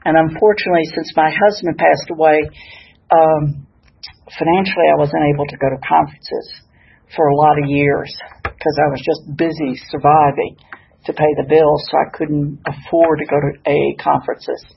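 A woman's voice: low-pitched, flat delivery, normal speed, creaky, highs cut off, slight background noise. An older woman giving a folksy, good-humored personal share at a sobriety meeting, speaking to an audience in a hall. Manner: warm-hearted, folksy, laughs at herself.

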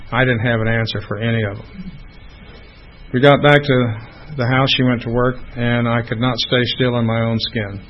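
A middle-aged man, a former airline captain, telling his own story to an audience in a halting, earnest way. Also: mid-range voice. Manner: halting, earnest, with pauses and restarts. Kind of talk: personal testimony talk. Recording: slightly dull audio with faint noise.

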